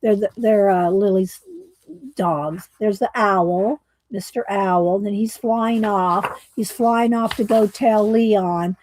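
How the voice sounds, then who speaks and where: A woman's voice: medium pitch, fairly even intonation, takes it slowly, a little mellow. A woman hosting a coloring livestream, chatting casually and rambling with fillers and restarts. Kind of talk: casual chat while coloring.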